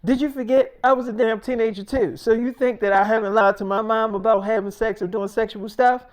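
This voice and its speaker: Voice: mid-range voice, steady tone, fairly quick, lightly acted. A blunt, scolding mother, as a storyteller puts her on. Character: strict, blunt middle-aged mother.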